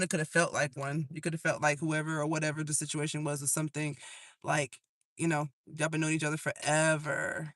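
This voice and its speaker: A man's voice: fairly high pitch, pushed and bright, no echo. A man giving a live tarot reading to his audience, casual and profane, laughing at his own jokes as he talks through the cards. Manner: breaks into singing old songs. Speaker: tarot reader.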